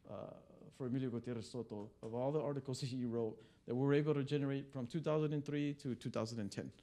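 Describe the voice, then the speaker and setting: Gravelly-voiced male attorney briefing reporters. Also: mid-range voice, steady tone, quick pace, mellow. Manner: conversational storytelling with many fillers and restarts. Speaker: immigration attorney. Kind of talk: press briefing talk. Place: press club briefing room.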